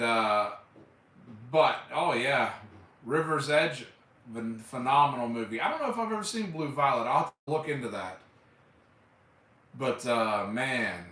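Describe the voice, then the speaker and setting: Enthusiastic rambling man, bright voice. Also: medium pitch. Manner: rambling, enthusiastic, with loose swearing and fillers like "man". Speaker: live streamer. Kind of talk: casual chat. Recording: echoey room, mic at a distance.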